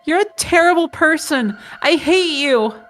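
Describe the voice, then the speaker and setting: A woman's voice: high voice, lively intonation, measured pace, a bit bright, faint music behind, pitched above the performer's own voice. A woman voicing a frightened, pleading teenage girl. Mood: hurt. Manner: pleading, desperate. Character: frightened teenage girl trapped in a puzzle room. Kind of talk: dramatic reading of a visual novel.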